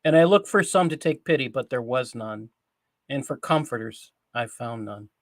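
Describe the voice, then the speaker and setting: A man hosting a Christian news show, reading scripture and commenting in an earnest, deliberate way over a call mic. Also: mid-range voice, expressive, no echo.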